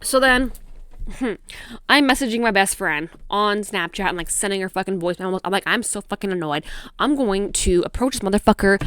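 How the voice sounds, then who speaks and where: Profane, animated young woman podcast host. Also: mid-range voice, moderate pace, clean tone, no echo. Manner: animated, profane, acts out quoted dialogue. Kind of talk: casual storytelling monologue. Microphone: podcast microphone.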